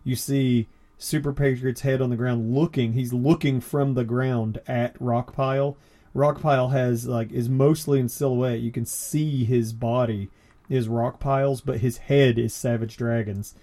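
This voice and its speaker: A man talks through comic book pages in a loose, rambling way, often breaking into laughter. His voice is mellow and dark-toned, relaxed rather than bright. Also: mid-range voice, unhurried. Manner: laid-back, laughs often, rambling descriptions. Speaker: podcast co-host. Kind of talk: casual chat about comics.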